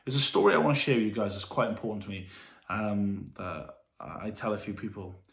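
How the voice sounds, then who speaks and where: Male vlogger, earnest and halting, speaking from home in a room with audible echo. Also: on the low side, gravelly. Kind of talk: candid talk to camera. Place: warm room indoors at home.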